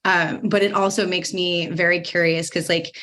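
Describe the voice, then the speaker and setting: Low-voiced woman moderating a podcast panel. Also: little pitch movement, normal speed, a bit bright. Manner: casual, reflective talk with many fillers.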